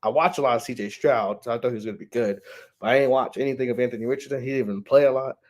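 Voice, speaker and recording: A man's voice: mid-range voice, racing. Easygoing, laughing man talking sports. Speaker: co-host. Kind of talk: casual sports chat.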